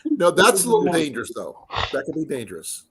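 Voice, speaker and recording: A man hosting a relaxed livestream chat, his voice swinging up and down with lively pitch. He talks casually, jokes with his guests and sometimes gropes for a word mid-sentence. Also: a little fast, crowd noise. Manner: joking, searching for words. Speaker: livestream host.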